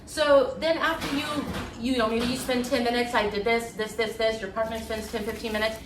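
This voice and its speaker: A woman guest telling her story in a candid, animated way, acting out voices with many fillers. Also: fairly high pitch, fairly quick, noisy background. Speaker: interview guest, former acting student. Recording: echoey room, voice from a distance.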